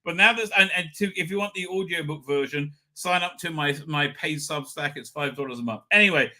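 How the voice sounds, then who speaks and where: A middle-aged man with a voice on the high side and a sharp tone talks a little fast while hosting a casual livestream. He rambles through viewer comments with lots of fillers and restarts, keeping an irreverent edge.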